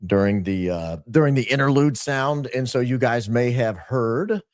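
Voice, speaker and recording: A man hosting his podcast, clearing his throat often and nursing a dry, strained voice. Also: mid-range voice, moderate pace, no echo. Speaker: podcast host. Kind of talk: casual show opening. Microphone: podcast microphone.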